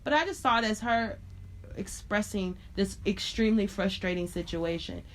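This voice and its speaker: A woman from Chicago, in her thirties, talks as a guest on a podcast. She tells her stories with lots of animation, acting out what people said and laughing along the way. Her voice sits at an ordinary middle pitch. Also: normal speed, a little hiss or hum. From Chicago, USA. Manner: animated, expressive storyteller who laughs often and acts out quotes. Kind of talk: casual storytelling interview.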